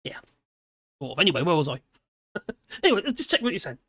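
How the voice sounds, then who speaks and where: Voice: mid-range voice, sing-song, fast, fairly bright tone, breathy edge, no echo, studio quality. Rambling British host in their fifties. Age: 50s. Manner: rambling, chatty, often laughing and wandering off topic. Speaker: live-stream host. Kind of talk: casual commentary reading and digressing.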